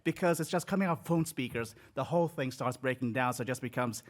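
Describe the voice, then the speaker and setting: An Australian voice actor on a live panel, telling an anecdote in an animated way. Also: male voice, mid-range voice, quick pace, a little hiss or hum. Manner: animated storyteller, does silly voices. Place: convention panel room.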